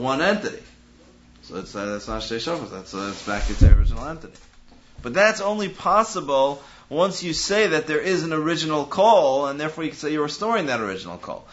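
A man's voice: medium pitch, fairly bright tone. Man giving a lecture. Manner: analytical, restarts mid-phrase while reasoning aloud. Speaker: Talmud teacher. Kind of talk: Talmudic lecture. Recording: dull lo-fi recording with faint hiss.

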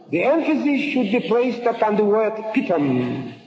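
A man giving a scholarly lecture, halting and restarting phrases and quizzing his listeners, on a dull old recording. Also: high voice, very animated, a little mellow, echoey room, in a large hall. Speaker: Talmud lecturer. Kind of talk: lecture with questions to the class.

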